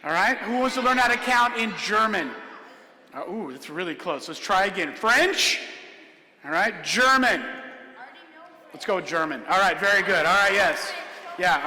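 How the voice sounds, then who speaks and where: A man performing a comedic illusion show for children, jokey and energetic, often checking in with "all right?". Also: sits high. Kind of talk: comedic stage magic show for kids. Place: large church hall with high ceiling. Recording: echoey hall, live stream.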